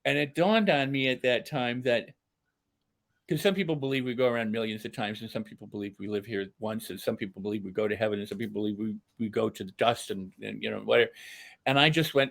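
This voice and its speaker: A man's voice: on the low side, fast talker, gravelly, fairly bright tone. An older man, a self-help speaker, earnestly telling a personal story as a podcast guest, repeating phrases for emphasis. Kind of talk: candid storytelling.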